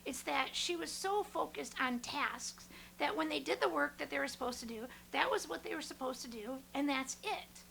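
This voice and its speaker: A woman hosting her own podcast, telling a story in an animated, excitable way. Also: high-pitched, normal speed, gravelly, hardly any pauses, a little hiss or hum. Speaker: podcast host.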